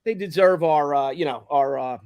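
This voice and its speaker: A man hosting a show, telling a story in casual chat, acting out shouted quotes, swearing and laughing often. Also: fairly high pitch, normal speed, clear, resonant tone.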